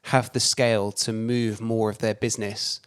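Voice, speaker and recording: A man's voice: on the low side, level tone, moderate pace, smooth. A young man on a casual podcast, dropping short quips and then making his own point. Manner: short quipping interjections. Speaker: podcast co-host. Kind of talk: casual chat.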